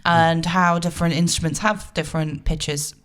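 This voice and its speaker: A woman's voice: deep voice, moderate pace. A woman co-hosting a podcast about teaching music, talking casually and explaining things with lots of fillers. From United Kingdom. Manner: relaxed, explaining with many fillers. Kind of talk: casual chat.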